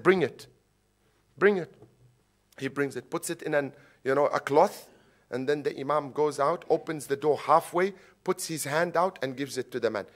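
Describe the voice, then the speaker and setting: Animated preacher, man, higher voice. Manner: animated, rising to loud emphatic peaks; Arabic religious phrases woven into English. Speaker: sheikh giving a religious lecture. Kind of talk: sermon with storytelling. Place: mosque or Islamic centre hall.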